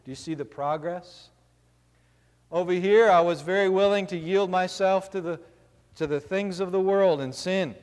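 A man, a pastor, preaching a sermon who reads scripture slowly and then explains it with everyday examples. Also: high voice, smooth. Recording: long hall reverb.

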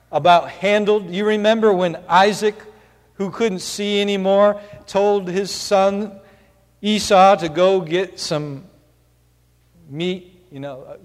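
A man preaching a sermon, earnestly explaining scripture step by step, in a long church-hall reverb. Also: a little high.

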